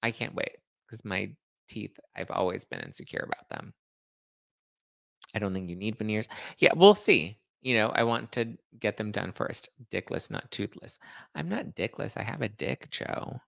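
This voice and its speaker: Chatty man with gravelly low voice. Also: big pitch swings, moderate pace, a bit bright, dry recording. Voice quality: slight lisp. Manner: chatty, rambling, self-deprecating. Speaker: podcast host reading live chat. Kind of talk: casual livestream chat.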